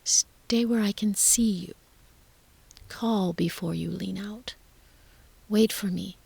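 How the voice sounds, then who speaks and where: A woman voicing a gentle but quietly possessive sorceress in a sleep story, speaking softly and firmly. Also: medium pitch, slow pace, vocal fry, slightly rough, no echo, exaggerated voice. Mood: tender, firm. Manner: soft, caring, a little firm.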